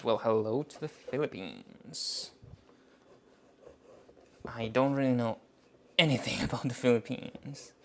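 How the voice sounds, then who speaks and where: A man's voice: mid-range voice, background noise. A man chatting casually on a cooking live stream, joking about himself and laughing often. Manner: giggly, joking, self-mocking.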